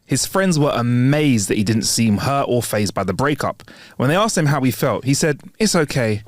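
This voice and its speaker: Podcast co-host, man, lively voice, dry close mic, brisk joke delivery. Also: mid-range voice, no echo. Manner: reads jokes briskly, laughs at punchlines. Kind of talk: casual joke-telling chat.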